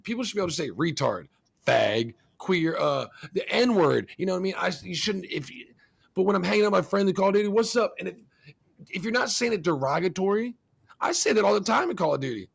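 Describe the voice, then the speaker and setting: Livestream host, male, husky and raspy, crude jokester, laughs a lot. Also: fairly high pitch. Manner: crude, joking, laughs often. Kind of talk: casual chat.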